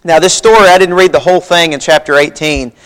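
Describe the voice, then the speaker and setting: A man's voice: fairly high pitch, fast talker, a bit bright. A man preaching a sermon, reading scripture aloud in a folksy, emphatic way. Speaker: pastor. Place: church sanctuary.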